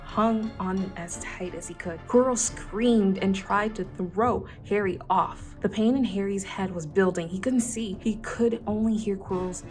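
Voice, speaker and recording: A young woman vlogger reading a novel aloud, expressive and easily spooked, breaking off to react. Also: mid-range voice, a little slow, hardly any pauses, faint music behind.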